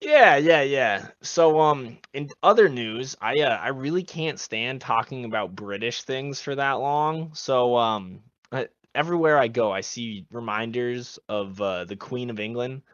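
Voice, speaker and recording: Goofy podcast dude spinning silly stories, muffled dry lo-fi mic. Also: male voice, mid-range voice, measured pace, hardly any pauses, a bit bright, no room sound. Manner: goofy, tells absurd tall tales. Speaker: podcast co-host. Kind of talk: joking casual podcast chat. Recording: dull lo-fi sound, dry.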